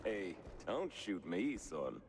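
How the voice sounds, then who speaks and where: A man voicing a gruff, streetwise male mouse informant in a cartoon game, talking bluntly. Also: sits low, sing-song, slow, a little mellow, slight background noise, heavily acted. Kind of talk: game voice acting.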